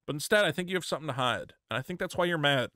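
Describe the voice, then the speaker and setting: A man's voice: on the high side, animated, rapid-fire, bright, forceful tone, dry recording, clean studio sound. A man ranting in a commentary video, heated and profane, mocking and lecturing the viewer. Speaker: commentary YouTuber.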